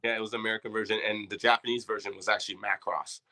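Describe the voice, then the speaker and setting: A man's voice: fairly low pitch, little pitch movement, racing, pushed and bright. A man from Canada, a guest chatting on a podcast about his toy collection in a loose, enthusiastic way. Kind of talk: casual podcast chat.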